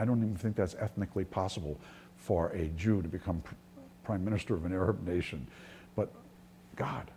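Earnest low-voiced male preacher. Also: dark tone, a little hiss or hum. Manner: earnest, with restarts, dropping to near-whispers. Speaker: pastor. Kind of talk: sermon.

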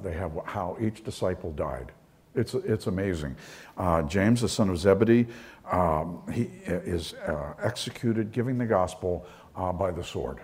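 A man preaching a sermon in a low, mellow voice, moving easily between everyday anecdotes and points made with rising fervor. His delivery stays conversational and story-driven, with plenty of restarts as he talks. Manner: conversational storytelling, voice climbing higher and louder when preaching. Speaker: pastor. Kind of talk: sermon with personal stories.

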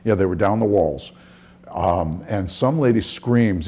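A middle-aged pastor with a low, mellow voice and a husky edge delivers a sermon. He talks in a relaxed, story-driven way and often backs up to restart a phrase. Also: measured pace. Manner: conversational storytelling with frequent restarts.

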